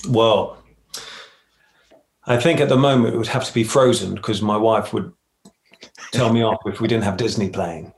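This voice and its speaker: A man, a musical theatre performer, chatting casually as an interview guest with quick, self-deprecating answers. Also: lowish voice, gravelly, echoey room. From United Kingdom.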